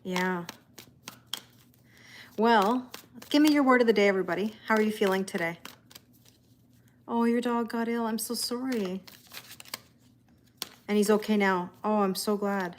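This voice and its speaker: A woman's voice: mid-range voice, unhurried, long pauses, a little hiss or hum. A Canadian woman with a Canadian accent, hosting a tarot livestream in casual chat and greeting viewers by name as she reads their comments aloud.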